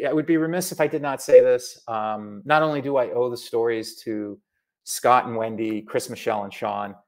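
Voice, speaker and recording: A middle-aged man from Massachusetts, an author chatting in an interview, animated and full of asides. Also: medium pitch. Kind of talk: casual video interview.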